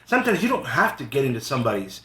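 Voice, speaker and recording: A man's voice: mid-range voice, rapid-fire. A man on a comedy podcast telling stories in casual chat, acting out the angry lines of the people in them. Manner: animated storyteller, acts out heated quotes. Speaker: podcast host. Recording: echoey room with background noise.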